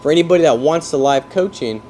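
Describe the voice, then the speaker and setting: A man coaching salespeople in an energetic talk, explaining through football comparisons and often checking that his listeners follow. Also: fairly high pitch, fast, a little hiss or hum. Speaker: sales trainer.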